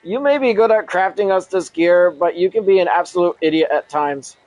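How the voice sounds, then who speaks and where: A man's voice: high-pitched, fairly quick, darkish tone, no room sound, close to an everyday voice, low-quality recording. A man reading as a blunt, exasperated armored warrior.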